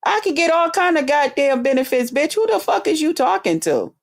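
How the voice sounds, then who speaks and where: A woman's voice: sits high, big pitch swings, a little fast. Cursing, confrontational woman ranting. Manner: profane, confrontational, taunting. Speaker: online streamer. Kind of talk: angry rant to camera.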